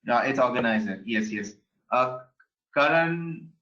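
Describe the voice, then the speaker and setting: A man teaching an online class in a relaxed, conversational way, with many fillers and repeated words. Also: medium pitch, unhurried. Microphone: video call. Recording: dull lo-fi video call audio.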